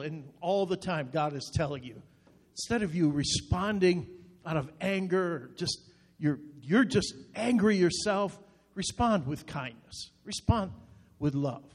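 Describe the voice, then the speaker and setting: Brief: male pastor, high voice, earnest sermon delivery with repeated short appeals, long reverb on the voice. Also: expressive, measured pace.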